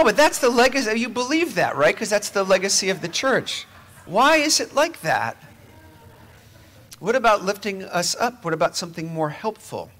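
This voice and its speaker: A man preaching a sermon in a conversational way, dropping to near-whispers at times. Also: a little high. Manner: conversational, moving between quiet near-whispers and emphatic rises.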